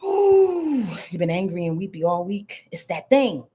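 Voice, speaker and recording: A woman astrologer giving lively, slangy live-stream readings, answering viewers by name and swearing freely. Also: on the low side, fairly quick. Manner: animated, slangy, swears freely, reads viewer comments aloud.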